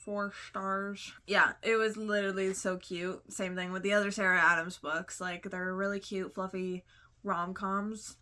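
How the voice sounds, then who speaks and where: A woman's voice: mid-range voice, flat delivery, a little slow, pushed and bright. A young woman chatting casually about books she read, gushing and talkative with lots of fillers. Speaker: book vlogger. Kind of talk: casual book review chat.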